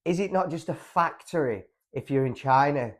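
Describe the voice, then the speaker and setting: A young man co-hosting a podcast, chatting casually with crude, deadpan jokes. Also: a little high, normal speed, slight background noise. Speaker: podcast co-host. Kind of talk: casual banter.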